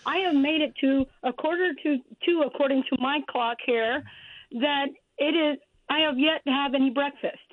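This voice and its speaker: A woman's voice: high voice, moderate pace, no echo. A woman in her fifties calling in to a radio show by telephone, rambling and chatty, laughing as she talks. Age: 50s. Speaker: caller. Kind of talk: call-in radio chat. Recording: tinny phone line.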